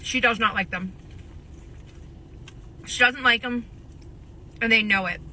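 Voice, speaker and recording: Substitute teacher lady venting, really bright sharp voice, bit of noise behind. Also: fairly high pitch, slow pace. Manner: earnest, chatty recounting. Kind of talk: casual vlog monologue.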